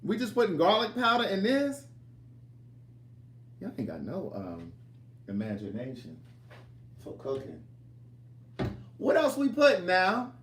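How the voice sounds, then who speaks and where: A man's voice: high-pitched, wildly swooping pitch, unhurried, long pauses, echoey room, slight background noise. A man hosting a casual cooking livestream from his home kitchen, chatting and teasing viewers as he reads their comments aloud.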